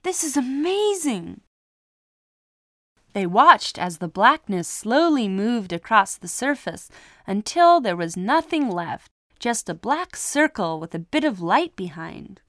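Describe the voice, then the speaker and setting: Lively, slow-reading woman storyteller. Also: medium pitch, no room sound, studio quality. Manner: expressive, voices the dialogue. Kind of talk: children's story reading with character voices.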